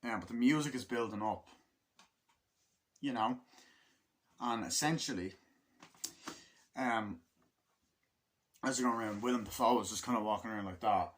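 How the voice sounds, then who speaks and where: A man's voice: fairly low pitch, normal speed, long pauses. A man giving a casual film review in a rambling way, with lots of fillers, swearing and laughter. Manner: rambling, full of fillers and profanity, laughs often.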